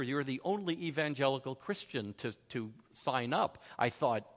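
A man tells a personal story the way a preacher would, poking fun at himself and acting out the voices of the people in it. His pitch rises and falls a lot. The voice rings with the long reverb of a large hall. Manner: animated, self-deprecating, acts out quoted voices. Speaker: speaker telling a personal story. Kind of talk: sermon-style storytelling.

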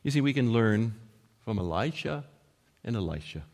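A man preaching a sermon, earnest, raising his voice for quoted lines and dropping to a hush at the ends of points. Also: medium pitch, big pitch swings, moderate pace, gravelly. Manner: earnest, rising to emphatic quotes and dropping to hushed endings. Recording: long hall reverb.

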